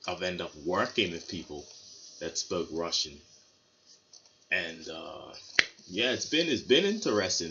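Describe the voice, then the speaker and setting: A man's voice: low voice, pushed and bright. A man from Bermuda casually telling stories to his vlog audience, rambling with many fillers and restarts. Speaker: vlogger. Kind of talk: casual storytelling to camera. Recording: slightly dull lo-fi sound with faint noise.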